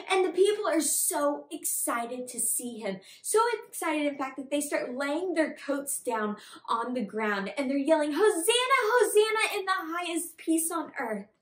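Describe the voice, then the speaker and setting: A young woman, a children's pastor, telling a Bible story with bubbly enthusiasm in an online kids' service. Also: high-pitched. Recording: echoey room.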